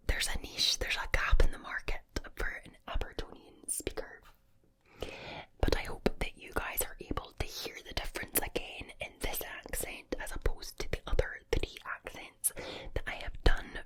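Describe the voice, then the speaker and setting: A Scottish woman giving whispered ASMR talk, explaining accents in a chatty way. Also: mid-range voice. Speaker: ASMR creator.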